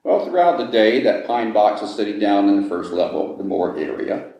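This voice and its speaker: A man with a low, mellow voice tells a ghost story slowly and dramatically for visitors to an old jail. His words ring in a hard, echoey stone room. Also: very animated. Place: old jail building, indoors.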